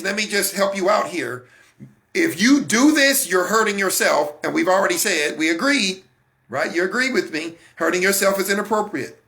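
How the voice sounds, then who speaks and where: A man hosting a faith broadcast, preaching about emotions in an animated way and talking straight to his listeners. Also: sits high, gravelly. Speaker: host. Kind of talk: motivational faith talk.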